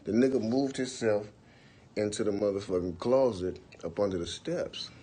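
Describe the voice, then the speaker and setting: A man in his forties telling a long, profane story on a livestream, acting out the quotes in bursts of loud, animated talk. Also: on the low side, normal speed, slight background noise. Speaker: livestream host. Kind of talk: casual storytelling.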